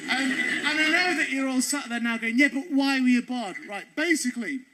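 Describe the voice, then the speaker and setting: Male stand-up, very high lively voice, cheeky and profane, noisy stage recording. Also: brisk. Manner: animated, cheeky, swears freely. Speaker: stand-up comedian. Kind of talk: stand-up storytelling.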